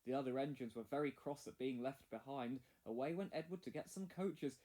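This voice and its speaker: A man narrating a children's railway story as a read-along, in a clear, measured way. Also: mid-range voice, lively intonation, warm tone. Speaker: storybook reader.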